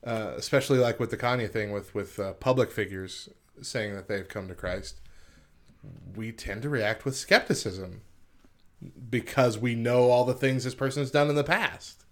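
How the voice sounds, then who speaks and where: A man's voice: mid-range voice, moderate pace. A man co-hosting a morning radio show, reading news and articles aloud and chatting loosely with a frequent laugh. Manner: laughs often, reads aloud then riffs loosely. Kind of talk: casual radio chat and reading.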